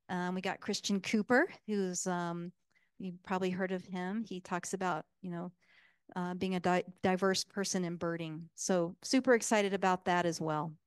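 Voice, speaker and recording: A woman's voice: medium pitch, clean tone, no echo, studio quality. A woman giving a casual public talk as guest speaker, enthusiastic and full of fillers.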